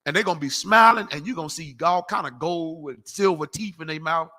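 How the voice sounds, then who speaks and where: A man preaching in a loose, slangy style, emphatic and animated as he calls for scripture to be read. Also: fairly high pitch, a little fast. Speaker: street preacher teaching a class. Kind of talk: preaching lecture.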